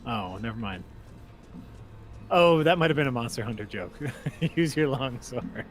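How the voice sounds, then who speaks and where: A man's voice: mid-range voice, expressive, measured pace, soft background music. A man co-hosting a game stream in casual chat, joking and laughing often. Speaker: co-host watching a game stream.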